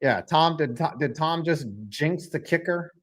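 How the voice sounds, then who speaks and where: A man hosting a live stream, reacting to a football game, calling plays and reading viewer chat aloud in a joking, excitable way. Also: on the high side, measured pace.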